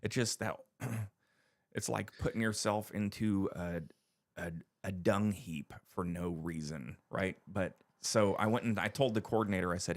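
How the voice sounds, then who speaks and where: A man's voice: sits low, normal speed, dry recording, studio quality. A man on a casual podcast chat, telling stories animatedly and acting out what people said. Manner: animated storytelling, acts out quotes. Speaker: podcast co-host.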